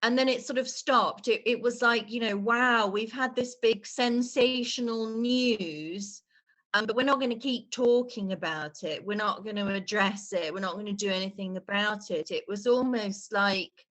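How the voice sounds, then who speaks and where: A woman performance artist speaking on a video call, earnest and halting, with many restarts and a voice heavy with emotion. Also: medium pitch, fairly bright tone. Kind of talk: online exhibition talk.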